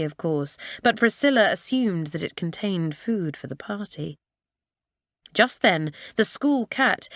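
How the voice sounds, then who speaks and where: A woman narrating a children's school story in a measured, expressive storytelling manner. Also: lowish voice, no echo, studio quality. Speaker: audiobook narrator.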